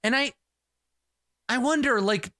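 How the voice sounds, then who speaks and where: A man narrates his solo tabletop game in the first person, rambling and emotional and stacking up fillers. His tone is bright and forward. The recording is dry and close, with no room sound. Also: extremely high pitch, a little slow, no echo.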